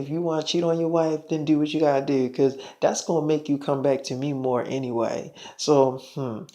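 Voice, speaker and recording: A man's voice: a little high, dark tone, natural voice. A man voicing a jealous, foul-mouthed young woman who taunts her ex with crude insults. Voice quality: profane, taunting.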